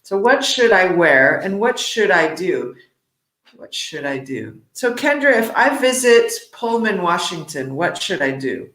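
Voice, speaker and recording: A woman's voice: fairly low pitch, big pitch swings, unhurried, a bit bright, roomy sound. Upbeat woman teaching English online. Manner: upbeat, encouraging, explains word meanings. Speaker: webinar co-host, English teacher. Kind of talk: casual online English lesson. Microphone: video call.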